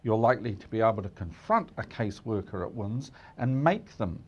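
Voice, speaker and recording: A middle-aged man with a New Zealand accent giving measured, emphatic political commentary in a studio discussion, often restarting phrases. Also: on the low side, lively intonation, muffled recording, slight background noise.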